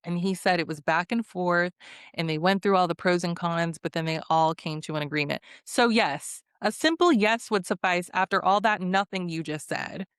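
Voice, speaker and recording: A woman's voice: on the low side, moderate pace, smooth, dry recording, clean studio sound. Blunt, sarcastic woman recapping a show. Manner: blunt and sarcastic, swears, laughs often. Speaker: reality show recap host. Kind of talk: casual recap vlog.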